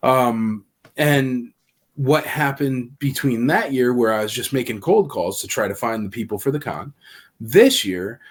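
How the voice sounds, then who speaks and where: A man chats on a podcast, mid-pitched and relaxed. He talks freely and spins stories, acting out what others said in their own voices. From Nashville area. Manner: animated storyteller, acts out quoted dialogue. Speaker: convention organizer guest. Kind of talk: casual podcast chat.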